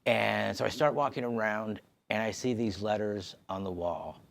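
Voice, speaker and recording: A man sharing an emotional personal testimony, halting and restarting as he talks. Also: lowish voice, gravelly. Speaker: podcast host sharing his story. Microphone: on camera.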